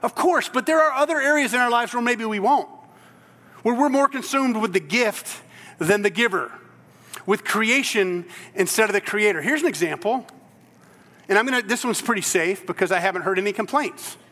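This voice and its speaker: Pastor, male, high bright voice, animated storyteller, church hall echo. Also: normal speed. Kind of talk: sermon.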